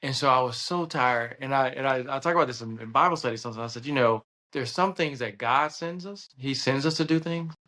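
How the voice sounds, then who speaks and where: A man with a Southern American accent, a guest telling stories in casual conversation, animated and laughing often as he acts out voices. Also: mid-range voice, a little fast, hardly any pauses. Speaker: podcast guest, surgeon and state senator.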